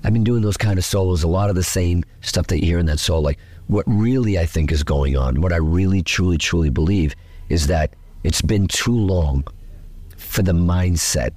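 Low-voiced excitable middle-aged man. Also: normal speed, dry recording. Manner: excitable storyteller, acts out quoted voices. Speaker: guitarist interviewed after a festival gig. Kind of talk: animated casual interview talk.

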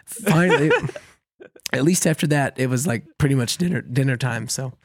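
Animated man telling a story, dry sound. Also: mid-range voice, moderate pace, no room sound. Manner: animated, laughing, self-mocking storyteller. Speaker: podcast co-host. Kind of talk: casual storytelling chat.

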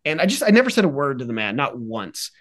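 A man's voice: mid-range voice, sing-song, fast, a bit bright. A young adult man, a podcast guest, telling a story in an easygoing, laughing way. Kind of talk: casual storytelling chat.

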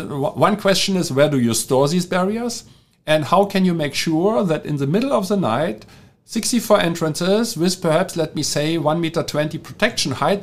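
A German-accented engineer hosting a podcast, middle-aged. His voice sits a little high for a man. He talks in a halting, unscripted way, stopping and restarting often with plenty of fillers. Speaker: podcast host, flood protection engineer. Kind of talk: casual monologue.

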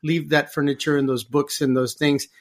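Animated man with a slightly high voice. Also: moderate pace. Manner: animated, voices other people in anecdotes; repeats words while searching for phrasing. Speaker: podcast guest. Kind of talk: conversational interview.

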